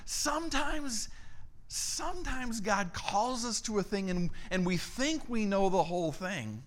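A middle-aged man preaching a storytelling sermon, acting out the dialogue in his tale with lively energy. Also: high voice, measured pace. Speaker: church staff member preaching.

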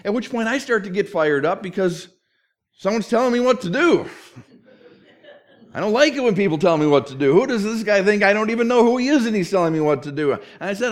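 Animated preacher, a man with a higher voice. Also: a little fast. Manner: animated storytelling with acted-out quotes. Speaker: pastor. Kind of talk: sermon.

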